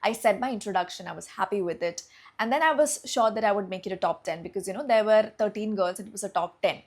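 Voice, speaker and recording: A woman's voice: mid-range voice, fast talker. A young woman with an Indian English accent, telling a personal story to camera in a casual, chatty way, full of fillers and acted-out thoughts. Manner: chatty, many fillers, acts out her own thoughts. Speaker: vlogger.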